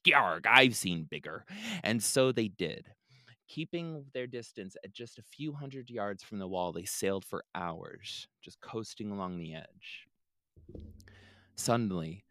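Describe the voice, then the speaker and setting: A man's voice: on the low side, dry recording. A man hosting a podcast, retelling a story in a casual, laid-back way with joking asides. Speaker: podcast host.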